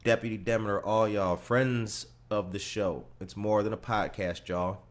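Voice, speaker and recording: Host, male, low voice, loose slangy shout-out delivery. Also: steady tone, moderate pace. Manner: upbeat, giving shout-outs in a loose slangy way. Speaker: podcast host. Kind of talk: casual radio-style podcast chat.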